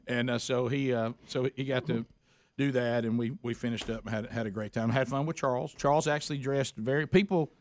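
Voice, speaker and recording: A radio host with a medium-pitched voice talks briskly, telling casual stories and animatedly acting out the people in them. There's a little hiss or hum on the recording.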